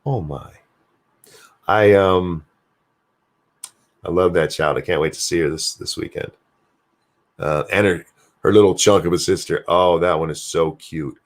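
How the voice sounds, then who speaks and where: A man's voice: low-pitched, fairly even intonation, normal speed, long pauses. An older American man, a grandfather, hosting a live stream alone, chatting casually, reading viewer messages aloud and swearing freely as he rambles. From United States. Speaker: show host reading live chat.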